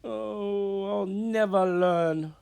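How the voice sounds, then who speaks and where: A man's voice: high voice, takes it slowly, a little mellow, voice pushed up. A man reading a storybook aloud, voicing a clumsy young man disguised as a girl, pleading and wailing. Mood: tearful.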